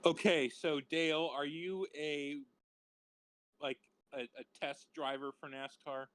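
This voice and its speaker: A man's voice: on the high side, flat delivery, slow pace, a bit bright, clean tone. A man playing the party host in an improv game, throwing out incredulous guesses about his guests. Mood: guessing. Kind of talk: improv comedy.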